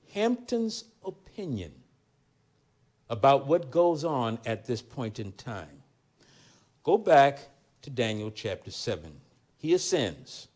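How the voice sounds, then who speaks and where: Middle-aged man, preacher, slow measured delivery, high-ish voice, swells on scripture and softens on commentary. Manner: reads scripture aloud with rising emphasis, then drops into quiet commentary. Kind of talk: sermon with scripture reading.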